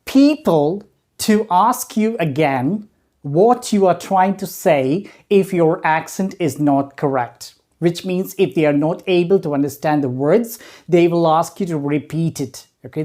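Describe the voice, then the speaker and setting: Woman trainer, lowish mellow voice, lots of uh and right?, explaining course stuff. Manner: checks in often with "right?" and "okay"; hesitant, frequent "uh" pauses. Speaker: voice and accent trainer.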